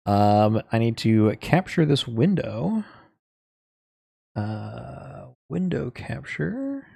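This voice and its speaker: A man's voice: medium pitch, big pitch swings, very slow, vocal fry, warm tone, breathy edge, no echo. A young man hosting a livestream, chatting casually while fiddling with his stream settings. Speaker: streamer host.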